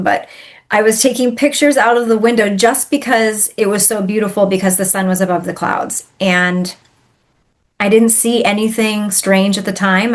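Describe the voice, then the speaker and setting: A woman, a spiritual healer, telling a personal story in a podcast interview in an animated, emphatic way. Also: medium pitch.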